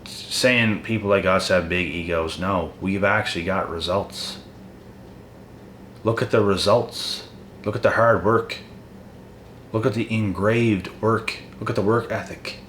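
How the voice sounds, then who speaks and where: A man with a very low voice delivers a blunt, profane motivational rant, calling out his critics head-on. The room around him rings with echo, and a faint hiss sits under the voice. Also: steady tone, unhurried, a bit bright. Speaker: motivational channel host. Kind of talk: ranting motivational monologue. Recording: echoey room with faint noise.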